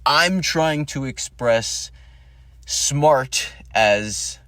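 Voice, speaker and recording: A man's voice: medium pitch, expressive, extremely slow, sharp tone, no room sound. A man hosting a solo podcast, talking in a rambling monologue that searches for words and swears casually. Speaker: podcast host.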